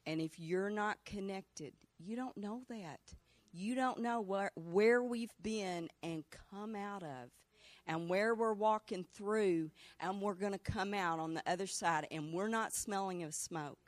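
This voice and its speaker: A woman's voice: medium pitch, a little slow, dry recording. Earnest woman sharing a church testimony. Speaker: church member giving a testimony. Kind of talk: spoken testimony.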